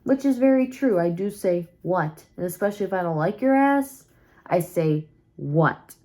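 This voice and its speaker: Late at night at home, a sleepy young woman rambles through a candid confessional vlog, full of fillers and restarts. She speaks at normal speed in a warm, medium-pitched voice with lively intonation.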